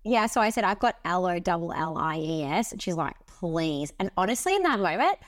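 A woman with an Australian accent, co-hosting a casual parenting podcast and telling animated stories with acted-out quotes. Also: fairly low pitch, quick pace, no room sound, studio quality. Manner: animated storyteller, acts out quotes. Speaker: podcast co-host. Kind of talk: casual chat.

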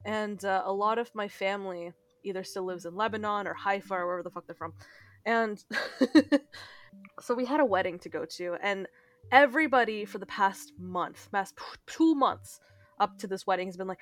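A young woman podcast co-host telling an animated story in casual chat, swearing freely. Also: mid-range voice, normal speed, dry recording. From Palestinian Arab family.

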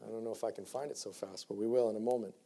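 A man preaching a sermon to young people, reading scripture in old-fashioned wording and moving from quiet reflection to loud, fervent exhortation. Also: lowish voice, fairly even intonation, very fast. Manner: reads scripture in King James wording, with repeated restarts.

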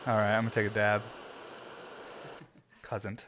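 A man's voice: mid-range voice, fairly quick, a bit bright, slight background noise. A young man hosting a casual talk show, chatting loosely with lots of fillers, restarts and self-interruptions. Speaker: host of a smoking video show. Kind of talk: casual chat.

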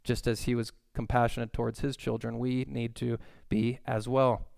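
Smooth-voiced man preaching earnestly. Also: mid-range voice, normal speed, no room sound, clean studio sound. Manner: earnest, conversational preaching with sudden excited outbursts. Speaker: pastor. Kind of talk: sermon.

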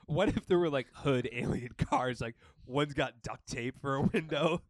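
Young male co-host, crude and jokey, quick to laugh; mid pitch, dry close sound. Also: no echo. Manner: crude, joking, laughs often. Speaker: podcast co-host. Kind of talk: casual chat.

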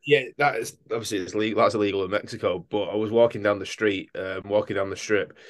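A man's voice: fairly low pitch, fairly even intonation, quick pace. A young man co-hosting a podcast in casual chat, telling holiday stories and swearing freely. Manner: swears freely, storytelling with mimicked voices. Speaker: podcast co-host.

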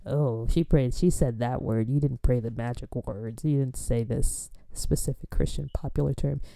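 A woman mimicking a judgmental churchgoing woman, with a sneering, drawn-out manner. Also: rumbling low, gravelly, dark tone, dry recording, pitched below the performer's own voice.

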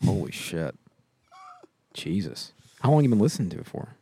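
A man's voice: low-pitched, very animated, moderate pace, mellow, breathy edge. Rambling casual man on a podcast. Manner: rambling, laughing, swearing freely. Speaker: podcast co-host. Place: backyard. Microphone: handheld microphone.

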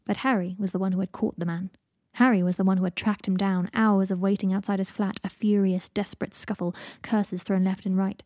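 A woman narrating a fan fiction audiobook in an even, steady storytelling voice. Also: mid-range voice, brisk, few pauses, no room sound, studio quality.

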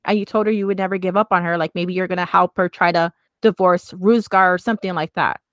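A woman's voice: lowish voice, fairly even intonation, fast talker, no room sound. A woman co-hosting a casual chat, recapping a drama with gushing emotion and constant "like" fillers. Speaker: co-host.

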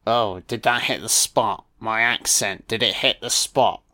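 A man's voice: fairly low pitch, fairly even intonation, measured pace, bright, forceful tone. A man doing a cocky, leering young Englishman. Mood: boastful. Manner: boastful, leering, lewd. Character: crude cocky young Englishman chatting up women.

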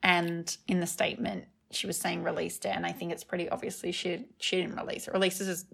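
A woman, co-hosting a podcast and chatting casually with quick asides. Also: fairly low pitch, little pitch movement, creaky, a bit bright, slightly rough. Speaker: podcast co-host. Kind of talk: casual recap chat.

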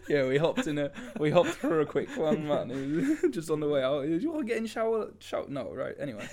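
A man's voice: on the high side, big pitch swings, a little fast, a crowd in the background. A young man co-hosting a podcast, telling stories in a rambling, laid-back way with lots of fillers. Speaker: podcast co-host. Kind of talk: casual chat.

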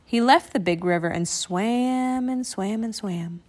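A woman reading a children's picture book aloud in an expressive, animated way. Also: fairly high pitch, measured pace. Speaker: storybook reader.

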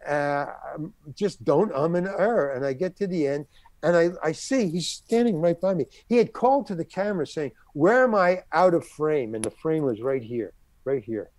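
This older guest actor spins out a lengthy story, performing everyone else's dialogue with animation. He speaks at a moderate pace in a voice on the high side, recorded with no room sound.

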